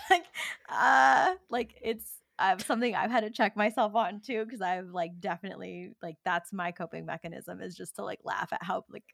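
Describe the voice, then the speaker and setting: A woman's voice: medium pitch, fairly even intonation, moderate pace, creaky, a bit bright, no room sound, clean studio sound. Earnest woman co-host, laughs easily. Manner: earnest, laughs often, says "like" a lot. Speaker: podcast co-host. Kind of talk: casual chat.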